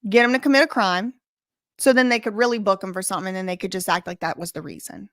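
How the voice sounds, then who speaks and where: A woman's voice: mid-range voice, fast, fairly bright tone, no echo, clean studio sound. A woman hosting a live reaction stream, talking in an emphatic, profane and defiant way.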